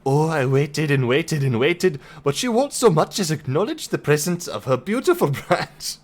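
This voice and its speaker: A man's voice: a little high, sing-song, measured pace, voice pushed up. A man voicing a flamboyant, theatrical fairy king, attempting a lilting accent and speaking in a grand, fond manner. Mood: wounded, teasing.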